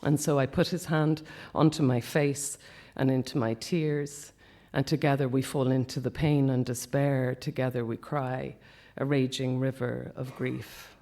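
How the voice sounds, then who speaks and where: A man reading a personal account aloud at a festival talk, quiet and measured, often dropping to a hush. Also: mid-range voice, level tone. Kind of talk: reading a memoir piece aloud.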